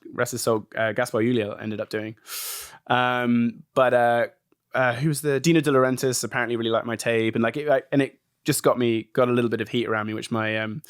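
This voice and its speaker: A man from England, a guest actor telling stories in a casual podcast interview, chatty and animated. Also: medium pitch, brisk, clear, resonant tone, no room sound, clean studio sound. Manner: chatty, animated storytelling with acted quotes.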